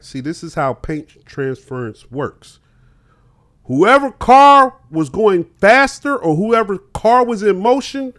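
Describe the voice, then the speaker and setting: A man's voice: high-pitched, fairly bright tone. A young man animatedly telling a story on a podcast, acting out both sides of an argument with quoted voices. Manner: acts out both sides of an argument, laughing as he tells it.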